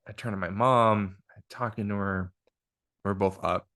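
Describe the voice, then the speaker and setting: This podcast host has a fairly low, steady voice with a fairly bright tone, talking at normal speed. He retells something that happened to him in a frank, profane, filler-laden way, seated indoors with a guest at one shared microphone.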